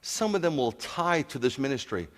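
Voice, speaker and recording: Animated man preaching a sermon. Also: medium pitch, normal speed. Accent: New York. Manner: animated, storytelling, asks the crowd questions. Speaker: pastor. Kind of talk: sermon to a congregation.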